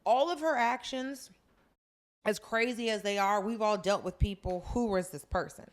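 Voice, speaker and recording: A woman's voice: medium pitch, moderate pace. A woman co-hosting a podcast, chatting casually and reflectively about a drama. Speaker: podcast co-host. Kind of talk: casual chat recapping a drama.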